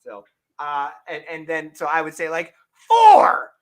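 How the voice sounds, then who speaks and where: A man hosting a casual sports podcast, rambling and joking, breaking into shouted bits. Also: on the high side, level tone, normal speed. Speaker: podcast host.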